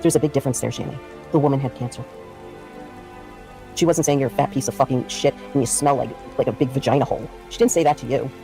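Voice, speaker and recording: A woman streamer tears into the drama in casual livestream commentary, indignant and cursing freely. Her voice is dark and mellow, with a little music playing faintly underneath. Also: extremely low pitch, quick pace, gravelly. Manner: heated, profane, indignant ranting.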